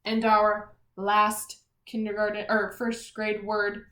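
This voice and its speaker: A woman teaching a class of young children, sounding out letters one at a time and praising them as she goes. She speaks slowly, with an even middle pitch. Her voice rings in an echoey room. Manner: slow, clear and encouraging, sounding out letters.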